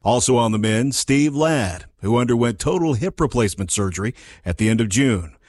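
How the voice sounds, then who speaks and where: A man reading scripted gospel music news as the anchor, measured and formal. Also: medium pitch, lively intonation, darkish tone.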